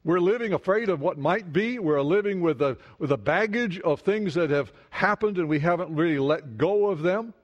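A man's voice: high-pitched, lively intonation, moderate pace, hardly any pauses, lo-fi sound. A man preaching a sermon, asking the congregation questions and repeating words for emphasis. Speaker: pastor. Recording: long hall reverb.

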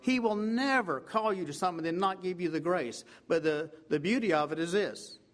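A man preaching a sermon with fervor, repeating "I tell you what" and swinging from loud emphatic peaks to low hushed passages. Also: moderate pace.

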